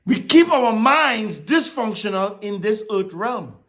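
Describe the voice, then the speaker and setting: A woman preaching a sermon, teaching from scripture in a slow, emphatic way. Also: medium pitch, expressive. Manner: emphatic, rising and dropping sharply, slow deliberate preaching.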